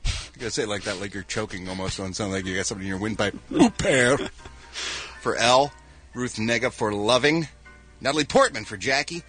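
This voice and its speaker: A man's voice: lowish voice, fast talker, a bit bright, soft background music. A man hosting a radio show, joking his way through entertainment news in casual chat. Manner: wisecracking, reading news items.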